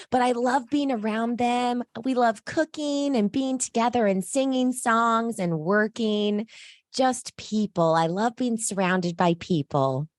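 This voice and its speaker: A woman's voice: on the high side, dry recording, studio quality, natural voice. A woman voicing Gruntled, a cheerful new dwarf, in an upbeat put-on happy voice.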